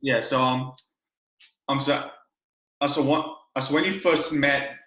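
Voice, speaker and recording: A young man asks his questions haltingly, restarting often. His voice is bright and carries a noticeable room echo. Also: medium pitch, steady tone. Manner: hesitant, many fillers and restarts. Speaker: interviewer. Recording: echoey room.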